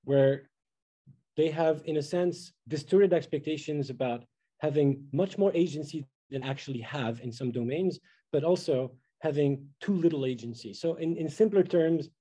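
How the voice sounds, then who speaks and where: A man's voice: fairly high pitch, moderate pace, mellow, slightly rough, rough recording. A middle-aged man giving an academic lecture, thoughtful and full of fillers and restarts.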